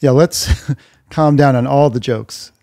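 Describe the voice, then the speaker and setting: A man's voice: medium pitch, takes it slowly, creaky, mellow, dry recording, studio quality. A middle-aged man, a film director, chatting wryly as a podcast guest in a living room. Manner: wry, joking. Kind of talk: casual chat.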